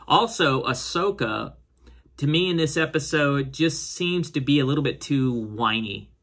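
Man, show reviewer, casual rambling recap, filler-heavy, bright tone. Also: lively intonation, measured pace. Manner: rambling, many fillers and restarts; voices characters' lines with raised pitch. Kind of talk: casual episode recap and commentary.

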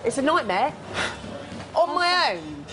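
A woman with a fairly high, very lively voice, blunt and exasperated as she works a busy hotel restaurant. She is recorded on a documentary crew mic with background music running under her. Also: slow. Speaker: hotel manager. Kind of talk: reality documentary, on-the-job talk.

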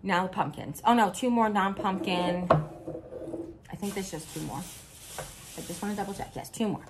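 A middle-aged vlogger from Missouri chats casually through a haul video, upbeat and giggly and prone to rambling asides. Her mid-range voice moves at normal speed over some background noise.

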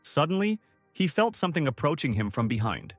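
Male narrator, mid pitch, animated delivery, dry close sound, soft music underneath. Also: fairly quick, dry recording. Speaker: recap narrator. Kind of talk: scripted narration.

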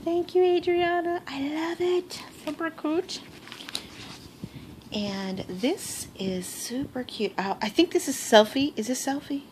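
Opening presents for her crafting vlog, this woman is gushing and excitable, gasping and laughing throughout the casual unboxing chat. Her voice sits high and she takes her time; it's a noisy phone recording from her bedroom.

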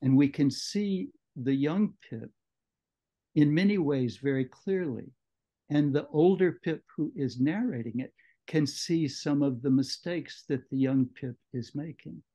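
A man leading a book club discussion, explaining a novel in a measured lecturing way, on muffled audio. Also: a little high, mellow. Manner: measured, explanatory, with occasional restarts. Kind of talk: literary lecture.

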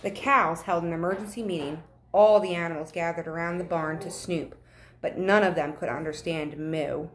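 A woman teacher reading a picture book aloud to children, with expressive, animated storytelling. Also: lowish voice, moderate pace. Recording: echoey room.

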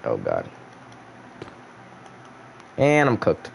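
A young man casually commentating his own game livestream, playful and animated as he jokes with viewers. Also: very deep voice, drawn-out words, creaky, slight background noise. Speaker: streamer.

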